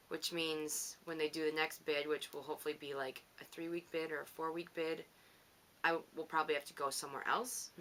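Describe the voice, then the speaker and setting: A woman with a fairly low voice that still has a bright, forward edge talks through her week as a podcast host. She rambles, teases herself and laughs easily in a loose, unscripted monologue. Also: a little hiss or hum. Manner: chatty, rambling, self-teasing, quick to laugh. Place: home on the coast.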